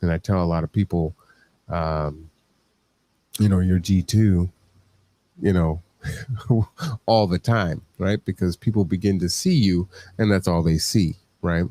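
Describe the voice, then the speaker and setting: Low-voiced man in reflective podcast talk. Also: measured pace, pauses often, dark tone, no room sound. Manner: conversational, keeps checking in with listeners. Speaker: podcast host.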